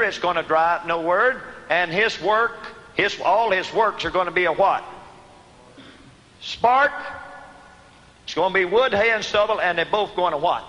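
A man preaches a sermon in a slightly high, bright and forceful voice. He questions his congregation and answers himself, punching single words loudly before sinking back down low. The sound rings with a long hall reverb. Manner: rising to emphatic shouts on key words, then dropping low.

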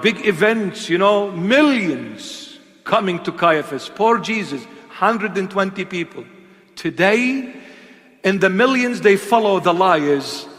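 A man preaching an impassioned sermon, swinging between loud emphatic calls and hushed, intimate asides. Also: high-pitched, in a large hall.

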